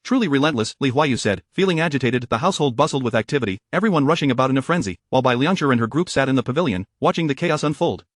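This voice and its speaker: A man reading a romance story aloud as narrator, in a steady, even voice. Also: mid-range voice, very fast, hardly any pauses, dry recording, studio quality.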